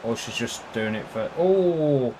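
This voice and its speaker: A young man talking through a football game as he plays it, excitable and quick to swear. He jokes with someone beside him between chances and sits at a middling pitch. There is faint room noise behind him. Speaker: gaming YouTuber. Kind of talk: casual gameplay commentary.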